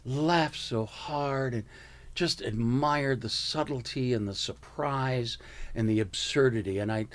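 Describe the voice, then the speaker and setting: An older American man, a comedian guest, spins anecdotes in an easygoing interview. He is animated and often drops into quick impressions of the people he describes, with his voice sitting at an ordinary middle pitch for a man. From United States. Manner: animated storyteller who slips into impressions. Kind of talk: casual interview storytelling.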